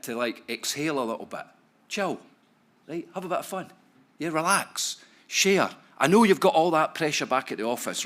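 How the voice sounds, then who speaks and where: A man's voice: medium pitch, fairly bright tone. A Scottish man from Scotland, an economist speaking to a conference audience in a chatty, joking way with many tag questions. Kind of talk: conference talk to a live audience. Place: conference hall.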